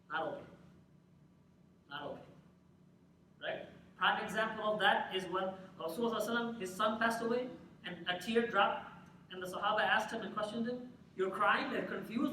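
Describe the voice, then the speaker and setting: Young man, religious talk, questions the crowd, lively, roomy echo, faint hiss. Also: high voice. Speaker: lecturer. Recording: echoey hall, mic at a distance.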